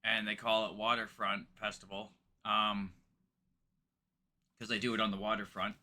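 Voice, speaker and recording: Bright-voiced man from Ontario, rambling. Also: on the low side, little pitch movement, moderate pace. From Ontario, Canada. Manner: rambling, hesitant, many fillers. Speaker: reaction channel host. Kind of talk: casual reaction commentary.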